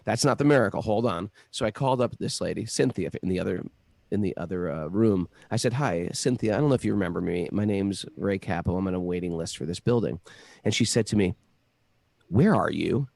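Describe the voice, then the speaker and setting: A middle-aged guest tells a winding personal story, casual and animated, often restarting his sentences and speaking a little fast. His low voice has a gravelly edge, and the recording is dry and close.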